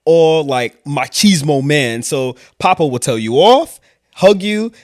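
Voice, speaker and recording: A man from Queens, telling stories in a casual, animated vlog chat. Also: a little high, dry recording, clean studio sound. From Queens, New York. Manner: animated, quick asides and laughs. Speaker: vlog host telling his story.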